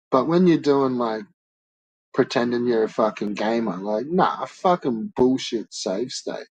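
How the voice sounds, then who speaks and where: A man's voice: medium pitch, a little mellow, poor audio. A man streaming and ranting to his chat in a blunt, profane, swear-filled way. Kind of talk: casual rant to chat.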